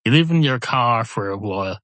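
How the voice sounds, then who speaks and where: A man's voice: mid-range voice, animated, fairly quick, a bit bright, no room sound. A middle-aged man, hosting a podcast in a rambling, wry, self-interrupting comic monologue. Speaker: podcast host.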